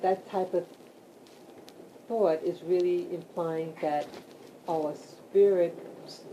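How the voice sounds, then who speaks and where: A woman vlogging casually from her bed at home, talking slowly with many fillers and restarts. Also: low-pitched, poor audio. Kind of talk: casual talk to camera. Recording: loud background hiss.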